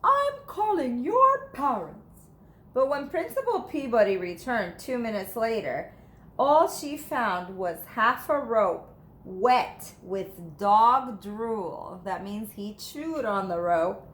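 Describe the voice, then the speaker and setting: A woman teacher reading a children's storybook aloud in an animated, playful way. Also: mid-range voice, takes it slowly. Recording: echoey room.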